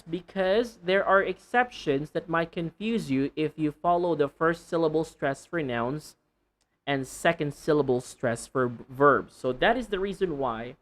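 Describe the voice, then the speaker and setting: A man teaching an online pronunciation lesson, repeating words to drill them, with a deliberate, lightly playful manner. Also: fairly high pitch.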